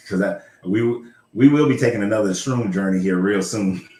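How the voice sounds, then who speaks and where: A man's voice: lowish voice, moderate pace, a little mellow. Blunt, rambling man in an echoey room. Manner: rambling, blunt, with profanity and laughs. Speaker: host. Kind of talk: casual livestream chat.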